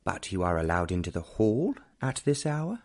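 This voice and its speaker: A man voicing a charming young gentleman who talks gently and mischievously, in an audiobook. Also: low-pitched, big pitch swings, normal speed. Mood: playful.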